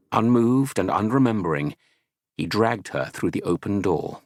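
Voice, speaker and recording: Man, audiobook narration, steady and dramatic, husky voice, close dry studio sound. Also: lowish voice, normal speed, no echo. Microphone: close studio mic.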